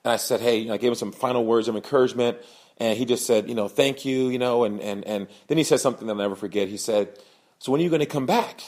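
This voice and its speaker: A young man tells a personal story on his podcast, earnest and animated. His voice sits at an ordinary middle pitch. He jumps higher whenever he quotes the people in the story. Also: fast talker. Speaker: podcast host, sales speaker.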